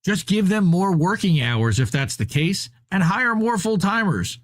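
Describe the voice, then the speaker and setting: A man's voice: sits high, very animated, measured pace. A man co-hosting a podcast, ranting about labor in casual, profane, fired-up chat. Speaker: podcast co-host.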